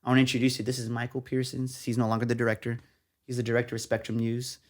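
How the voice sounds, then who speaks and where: Rapid-fire and mid-pitched, the voice comes from a young journalist out of San Antonio, Texas. As a guest in an easygoing interview, he tells his story with energy and acts out the things people said to him.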